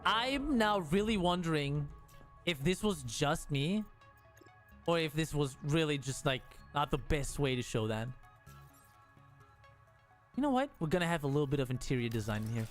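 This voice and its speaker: A man streaming a game, talking casually to himself and the game, frustrated and joking as he builds. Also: medium pitch. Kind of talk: casual gameplay commentary.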